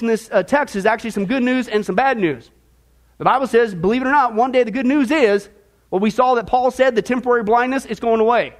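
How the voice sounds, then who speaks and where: A man teaching Bible prophecy as a preacher, emphatic and conversational with sarcastic asides. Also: very high voice.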